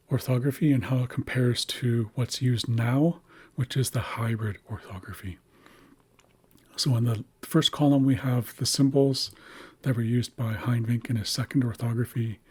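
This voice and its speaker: A man narrating a screen-share lesson, carefully explaining writing systems and slowly sounding out example words. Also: medium pitch, a little mellow, slightly rough. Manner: careful, slow spelling-out of words. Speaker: language teacher.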